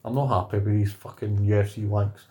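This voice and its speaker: A man's voice: fairly low pitch, steady tone, fairly quick, mellow. Scottish male co-host, blunt and sweary, complaining in casual podcast chat. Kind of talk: casual chat about combat sports.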